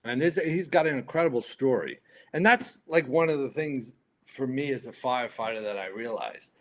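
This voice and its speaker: A man in his fifties, a retired firefighter and podcast guest, telling stories in a casual, animated, profane way. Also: medium pitch, moderate pace. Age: 50s. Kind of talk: casual storytelling.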